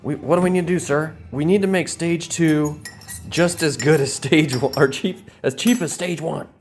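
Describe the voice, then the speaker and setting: A man's voice: on the high side, moderate pace, faint music behind, pitched above the performer's own voice, close to an everyday voice. A man mimicking a flustered company executive in an eager, slightly raised voice. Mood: scheming.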